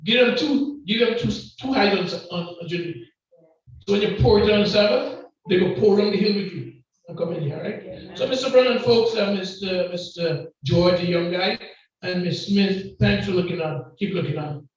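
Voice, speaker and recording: Loud Grenadian man preaching in an echoey hall. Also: high voice, moderate pace. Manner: loud, call-and-response, joking with the congregation. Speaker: guest preacher. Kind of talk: lively church sermon. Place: church hall. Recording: distant, echoey and muffled hall recording.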